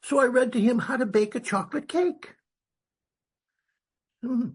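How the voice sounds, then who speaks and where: A man from New York sharing his recovery story at a meeting, animated and blunt, acting out old conversations. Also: very high voice, measured pace, breathy edge. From New York, USA. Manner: animated storyteller, acts out dialogue, blunt and salty. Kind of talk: personal recovery story talk.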